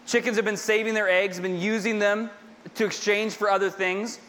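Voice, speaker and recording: High-pitched guy preaching a chatty sermon, repeats himself a lot, jokey asides, big echoey church hall. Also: flat delivery, normal speed, a bit bright. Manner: conversational, repeats points, humorous asides. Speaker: pastor. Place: large church hall with a congregation. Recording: long hall reverb.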